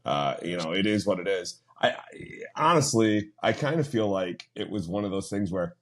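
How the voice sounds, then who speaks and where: Casual podcast co-host, male, low-pitched voice, rambling, animated storyteller. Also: moderate pace. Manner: rambling, animated retelling with quoted asides. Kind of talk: casual chat.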